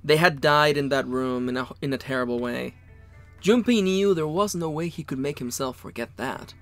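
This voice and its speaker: A man's voice: mid-range voice, normal speed, soft background music. A man co-hosting a game playthrough, reading the story text aloud with playful jokes. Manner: playful, jokey, mock-dramatic reading. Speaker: let's play co-host.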